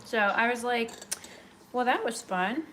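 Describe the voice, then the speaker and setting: A young woman vlogger chats casually on a live stream from her home kitchen, rambling and drifting onto tangents. Her voice is fairly high, animated, and fairly bright, at a measured pace. The home recording has clear background noise.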